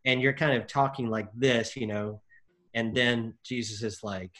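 A man discussing a Bible passage in casual chat, animated, acting out the figures' lines with lots of fillers. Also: medium pitch, measured pace. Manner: animated, acts out quotes, many fillers.

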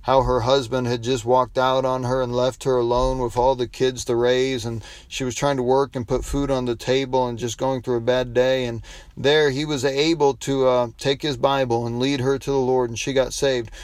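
A man's voice: medium pitch, flat delivery, moderate pace, smooth, no echo. A man preaching a devotional sermon, telling a folksy story with frequent restarts and closing in prayer. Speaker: pastor.

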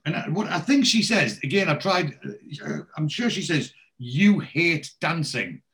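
A man's voice: fairly high pitch, animated, normal speed, a bit bright. Chatty man retelling a TV episode. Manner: rambling storyteller, quoting characters in his own voice. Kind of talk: casual chat recapping a TV episode.

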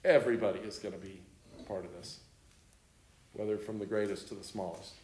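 A man's voice: fairly low pitch, steady tone, brisk, a little mellow, a little hiss or hum. A man explaining scripture to a group in a conversational way, asking them rhetorical questions. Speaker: Bible teacher. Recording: roomy echo.

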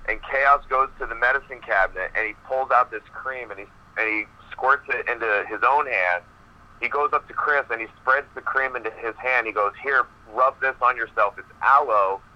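A male professional wrestler, a guest on an interview podcast, telling a long backstage story in a rambling, animated way with many fillers. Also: mid-range voice, normal speed, muffled recording.

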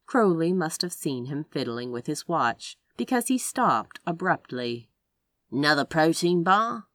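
A woman reading a romance story aloud as narrator, with expressive delivery. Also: a little slow, dry recording. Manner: expressive narration with wide pitch swings. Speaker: audiobook narrator.

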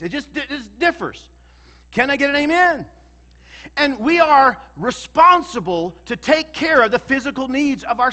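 A man's voice: very high voice, pushed and bright. A male pastor preaching a sermon in a church, emphatic and calling out to the congregation for responses.

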